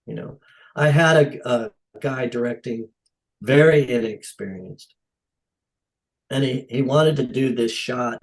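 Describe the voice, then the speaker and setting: A middle-aged stunt coordinator tells stories in a casual podcast interview, animatedly acting out the dialogue. His voice is medium-pitched and gravelly, captured on a podcast microphone in a rough recording.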